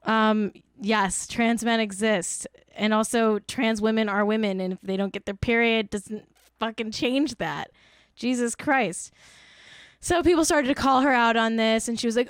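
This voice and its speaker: A woman's voice: mid-range voice, steady tone, a little slow, clear, resonant tone, dry recording, clean studio sound. A young woman hosting a casual commentary show, ranting bluntly with lots of swearing and exasperation. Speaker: podcast host.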